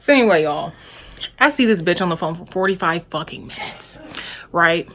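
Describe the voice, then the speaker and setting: A woman's voice: lowish voice, animated, normal speed, fairly bright tone. A young woman telling a storytime vlog, candid and profane, talking straight to her viewers. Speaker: vlogger.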